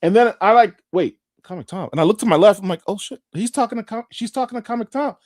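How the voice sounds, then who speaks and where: Excitable podcast man, swinging pitch, trips over his words. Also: fast, no room sound, clean studio sound. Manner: excited storytelling, acts out quotes, stammers. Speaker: podcast co-host. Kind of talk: casual chat.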